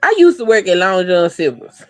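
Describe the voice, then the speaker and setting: A woman's voice: on the low side, very animated, normal speed, a little mellow, no echo. Woman, blunt, profane, storytelling, dry close sound, faint music underneath. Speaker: podcast co-host. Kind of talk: casual chat.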